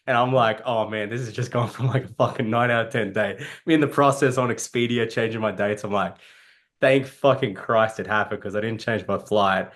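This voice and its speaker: A man's voice: fairly low pitch, steady tone, moderate pace, a bit bright. A man, a dating coach, telling a rambling, profane story on a panel and laughing at himself.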